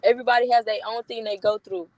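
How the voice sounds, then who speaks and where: Animated young woman telling stories. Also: a little high, fast talker, no room sound, low-quality recording. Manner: animated, laughs often, slangy. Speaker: interviewee, close friend. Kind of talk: casual storytelling interview.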